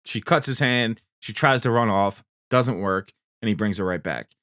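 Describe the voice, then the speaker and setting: A man's voice: fairly low pitch, clear, resonant tone, no room sound, studio quality. A man hosting a recap video, telling events in a casual, profane way and jumping into characters' lines. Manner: profane, animated, acts out characters' lines in quick asides.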